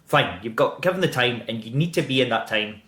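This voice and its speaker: A Scottish man in his thirties, talking in a middle pitch and a lively, profane way. His voice carries a roomy echo, as if the room has bare walls. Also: brisk. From Scotland. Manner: animated, swears freely, laughs while telling stories. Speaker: actor guest. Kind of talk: casual interview chat.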